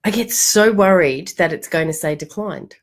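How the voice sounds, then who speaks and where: Middle-aged female money coach, lowish voice, animated, casual and frank. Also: moderate pace. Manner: animated storytelling, acts out quotes, casual swearing. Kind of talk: casual livestream talk.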